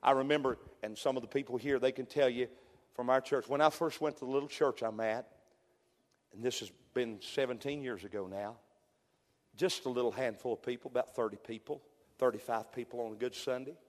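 A middle-aged man preaching a fervent revival sermon, swinging from loud peaks to hushed storytelling. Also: mid-range voice, fairly quick. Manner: fervent, builds to shouted peaks then drops to hushed storytelling. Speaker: pastor. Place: church sanctuary. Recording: long hall reverb.

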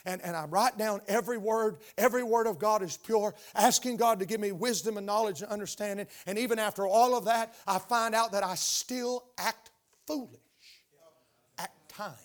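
A man's voice: sits high, moderate pace. An older man preaching a sermon in church, emphatic and questioning his congregation as he talks. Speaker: pastor. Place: church sanctuary.

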